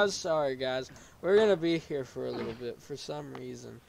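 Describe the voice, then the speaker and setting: Excitable gamer man yelling at the game. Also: medium pitch, moderate pace, vocal fry. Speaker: gaming YouTuber. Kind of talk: game commentary.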